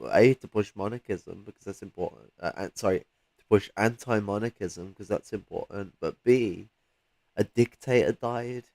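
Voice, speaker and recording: A man's voice: on the low side, gravelly, warm tone, no echo. A man chatting casually about politics, telling a story in a laid-back way.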